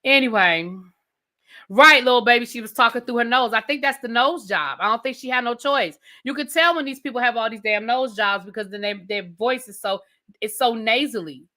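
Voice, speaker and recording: Incredulous, bright-voiced woman ranting. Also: a little high. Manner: blunt, incredulous, rapid-fire rhetorical questions. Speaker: TV review host. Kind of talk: casual rant review.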